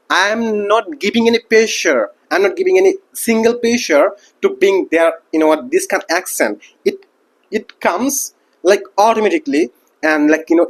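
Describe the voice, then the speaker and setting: A man who did not grow up speaking English, talking casually to camera as a teacher and packing his speech with fillers like "like" and "you know what". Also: high-pitched. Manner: rambling, heavy use of like and you know what. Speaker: English teacher and channel host.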